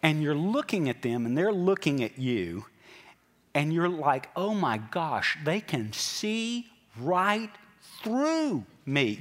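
A pastor preaching a sermon in a church, talking in an animated way and putting direct questions to his congregation. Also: fairly high pitch. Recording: long hall reverb.

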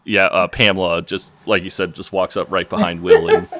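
A man's voice: low-pitched, normal speed, heavy background noise. A man co-hosting a podcast, chatting loosely and swearing freely as he recaps a TV episode with lots of fillers. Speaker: podcast co-host. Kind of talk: casual chat recapping a TV episode.

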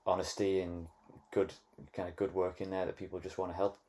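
A British man with a notably deep, low voice co-hosts in easy casual chat. He banters and cracks jokes freely, keeping the tone light. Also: level tone, a little fast, mellow. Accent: British English. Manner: jokey, banters and laughs often. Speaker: podcast co-host.

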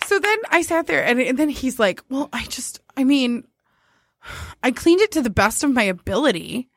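A woman chatting casually, telling a story with animated quoted dialogue. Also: sits high, moderate pace, a little hiss or hum. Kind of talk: casual chat.

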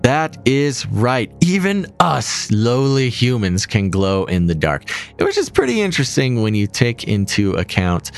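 A man's voice: mid-range voice, sing-song, unhurried, gravelly, hardly any pauses, soft background music. A man co-hosting a podcast, explaining science topics in a playful, jokey way. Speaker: podcast co-host. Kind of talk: casual podcast chat.

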